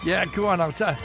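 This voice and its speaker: A chatty, joking man hosts a late-night radio phone-in, his voice pitched high. He coaxes callers along in a loose, friendly patter. Music plays clearly behind him. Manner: chatty, jokey, coaxing.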